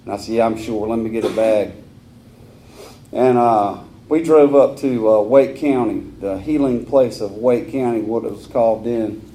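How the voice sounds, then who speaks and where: A man's voice: fairly low pitch, normal speed, mellow, a little hiss or hum. A man telling his personal recovery story at a meeting, in a candid, earthy way. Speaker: AA speaker. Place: meeting hall.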